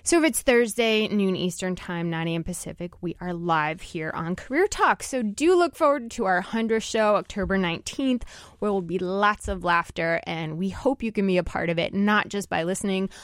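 A woman's voice: mid-range voice, moderate pace, dry recording, studio quality. A woman hosting a radio talk show, upbeat and chatty, laughing often. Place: radio studio.

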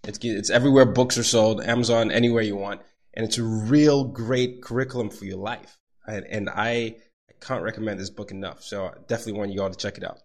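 A man's voice: lowish voice, steady tone, brisk. A young man hosting a podcast, reacting with eager, gushing praise and then asking his guest questions. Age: young adult. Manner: enthusiastic, gushing interjections. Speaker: podcast host. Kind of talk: podcast interview.

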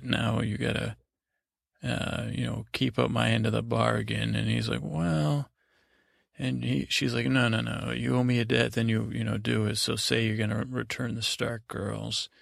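A man hosting a sleep podcast, recapping in a meandering, halting way with many restarts. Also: lowish voice, gravelly, a bit bright, dry recording, clean studio sound. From United States. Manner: paraphrases scenes in casual voices. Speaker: podcast host.

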